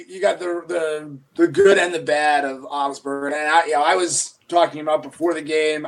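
A man giving thoughtful, measured analysis in a casual sports chat. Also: on the high side, rough recording.

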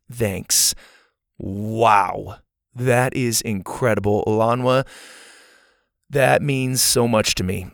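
A man's voice: mid-range voice, creaky, no room sound, studio quality. A man in his thirties, a podcast host reading listener reviews in a casual, enthusiastic and earnest way to young listeners.

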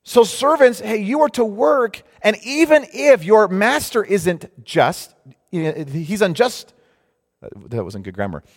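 A man preaching a sermon in an animated, conversational way, sometimes mocking the voices of others. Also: high-pitched, slow pace. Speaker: pastor. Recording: long hall reverb.

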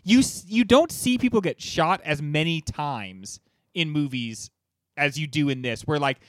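Man, podcast co-host, somewhat high pitch, eager and rambling, dry close sound. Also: expressive, unhurried, dry recording. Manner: enthusiastic, rambling with restarts. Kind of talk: casual movie-review podcast chat.

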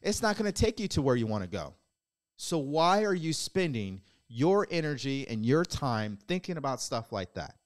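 On his own podcast, a man delivers a blunt, preachy motivational monologue, swearing casually and hitting listeners with repeated rhetorical questions. His medium-pitched voice is very animated at a moderate pace.

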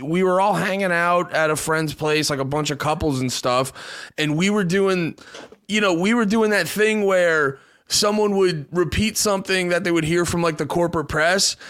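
Male podcast host, high voice, loose profane storyteller, quick to laugh. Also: animated, a bit bright. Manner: swears a lot, laughs often, tells stories. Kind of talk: casual political chat.

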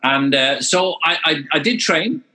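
In an unhurried, fairly high voice, a man in his sixties from Ireland speaks with an Irish accent as an interview guest telling his story. He grows animated and repeats words as he gets going, though the audio quality is poor.

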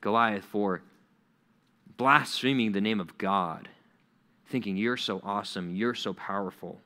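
Stern god voice, low and quiet, as a preacher puts it on, rebuking. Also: male voice, a little slow, long reverb tail. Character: stern almighty God, male, rebuking the proud.

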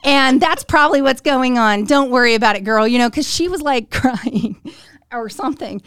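A middle-aged woman hosting a podcast and telling a story, animated and giggly, acting out the lines she quotes. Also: sits high, normal speed, clear, resonant tone, no room sound, studio quality. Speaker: podcast host. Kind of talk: casual storytelling chat.

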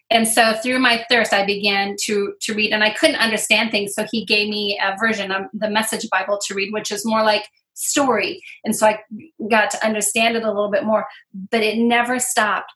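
A woman's voice: medium pitch, little pitch movement, moderate pace, bright, forceful tone. A middle-aged woman from Iowa, earnestly telling her faith story as an interview guest, with many fillers. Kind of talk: personal testimony.

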